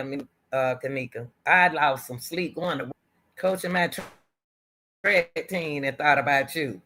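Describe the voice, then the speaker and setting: A middle-aged woman hosting her own commentary channel, with a bright, forceful voice. She repeats her points over and over and cries out to the Lord as she speaks. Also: sits low, unhurried. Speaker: commentary host and track coach. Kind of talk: emotional commentary talk.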